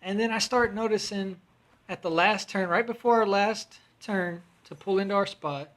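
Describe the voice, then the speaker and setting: A man's voice: high-pitched, moderate pace, fairly bright tone. A man hosting a podcast from home, telling a long story in a rambling, profane, casual way. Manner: rambling, profane, restarts often. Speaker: podcast host.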